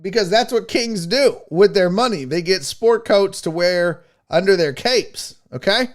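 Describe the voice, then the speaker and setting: A man with a high, very lively voice hosts a sports show from a home setup. He talks casually, swears freely and teases his viewers. His pitch leaps up and down as he riffs. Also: measured pace. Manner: animated, profane, teasing the chat. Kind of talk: profane casual livestream chat.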